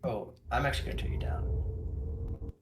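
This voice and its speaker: A man co-streaming a watch party, chatting casually and asking quick questions. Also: background noise. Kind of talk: casual chat.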